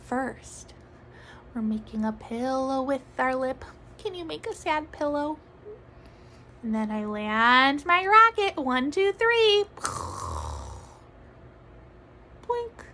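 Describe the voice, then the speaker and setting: A woman music teacher leading a children's recorder lesson, speaking gently in a sing-song way and sometimes dropping to soft whispers. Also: sits high, animated, unhurried, slight background noise, low-quality recording. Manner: drops to soft whispers to demonstrate.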